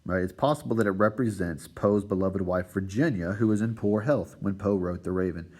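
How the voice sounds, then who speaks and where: A man with a low, slightly husky voice walks his students through a recorded lesson. He lectures steadily and keeps tagging his points with "right?" and "all right." The tone is that of a teacher explaining material step by step. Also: brisk, a little mellow. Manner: checks in with a constant "right?" and "all right".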